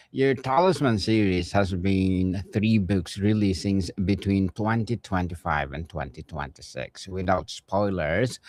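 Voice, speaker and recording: A man hosting a podcast interview who asks formal, measured questions. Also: sits low, a little mellow, dry recording. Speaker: podcast host.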